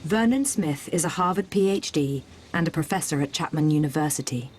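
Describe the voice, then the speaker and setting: Low-voiced woman narrating a documentary. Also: animated, brisk, slight background noise. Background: music.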